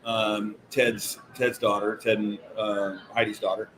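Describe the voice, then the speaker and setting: A man's voice: fairly low pitch, level tone, unhurried, a crowd in the background, low-quality recording. A man in his forties, co-hosting a podcast, telling rambling stories in casual chat and laughing often. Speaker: podcast co-host.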